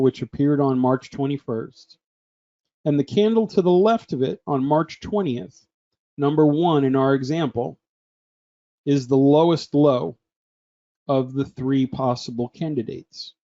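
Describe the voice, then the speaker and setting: A man's voice: fairly high pitch, dark tone, lo-fi sound. A man presenting a trading webinar in a chatty way, often asking the audience questions.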